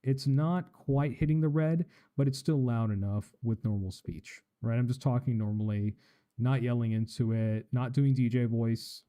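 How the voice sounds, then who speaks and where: A man talks through audio settings in a relaxed, explanatory way, as if demonstrating live on a stream. His voice is very dark and mellow, sitting at an ordinary middle pitch. He speaks into a studio microphone in his home streaming room. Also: moderate pace. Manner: explanatory, casual, tests mic with test phrases. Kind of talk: live-stream tech tutorial. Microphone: studio microphone with live effects.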